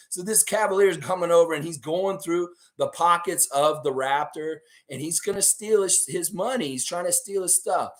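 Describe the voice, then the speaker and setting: A young man with a hoarse voice hosting a live stream, rambling animatedly through stories and chat with his viewers. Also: fairly high pitch, normal speed, hardly any pauses.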